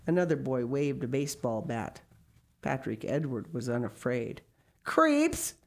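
A woman reading a children's picture book aloud, with lively expression and small asides. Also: a bass voice, moderate pace, gravelly. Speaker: storyteller.

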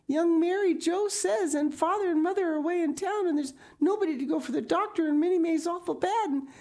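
A woman's voice: on the high side, lively intonation, creaky, dark tone, pitched above the performer's own voice. A woman reading an audiobook, voicing a frightened young girl who pleads and sobs in a rush. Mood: frantic. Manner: sobbing, pleading, rushed.

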